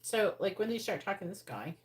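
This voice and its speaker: A woman's voice: medium pitch, sing-song, quick pace. A woman doing a live tarot reading, talking bluntly and swearing, sounding angry while she talks through the cards. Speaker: tarot reader. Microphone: earbuds. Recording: loud background noise.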